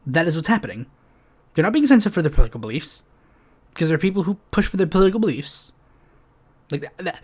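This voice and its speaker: A man's voice: a little high, sing-song, quick pace, pauses often, breathy edge. A man hosting a political podcast, talking through the news in an exasperated, sarcastic monologue full of fillers. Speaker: podcast host.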